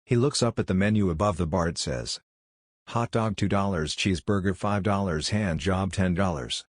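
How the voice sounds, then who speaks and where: A man reads one joke after another in a flat, deadpan manner. His voice sits very low. The recording is close and dry, with no room sound. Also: normal speed, no room sound. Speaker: joke narrator. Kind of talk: reading jokes aloud.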